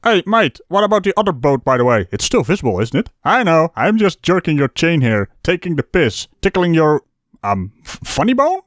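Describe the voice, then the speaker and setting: A man talks over clips with sharp sarcasm, his voice pitched high and swinging widely as he mocks. The recording sounds close and dry. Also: sing-song, moderate pace, dry recording. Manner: mocking, sarcastic, laughs at clips. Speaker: debunking commentator. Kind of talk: sarcastic reaction commentary.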